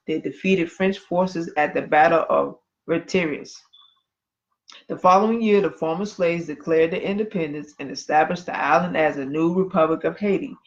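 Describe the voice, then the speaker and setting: A man co-hosting a casual podcast, reading history aloud and breaking off for chatty asides. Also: high voice. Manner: conversational, reads passages then comments with asides. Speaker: podcast co-host. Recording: dull lo-fi livestream audio.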